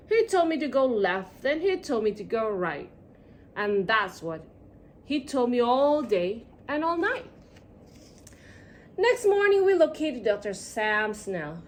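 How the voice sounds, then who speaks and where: Expressive woman reading a storybook. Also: fairly high pitch, a little hiss or hum. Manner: sing-song, expressive. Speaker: storybook reader. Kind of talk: children's storybook read-aloud.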